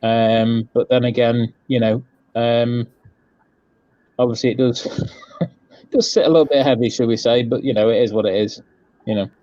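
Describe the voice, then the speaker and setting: A man's voice: medium pitch, fairly even intonation, moderate pace, long pauses, warm tone, no echo. Hesitant man on dull, dry audio. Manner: hesitant, full of ums, careful phrasing. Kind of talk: casual live stream chat.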